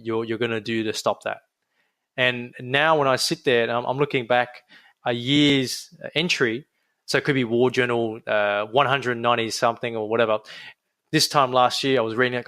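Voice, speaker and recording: Man, Australian accent, young adult, mid-pitched, chatty and energetic, podcast guest. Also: no echo. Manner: energetic, chatty, frequent restarts. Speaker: podiatrist guest. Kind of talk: casual interview chat.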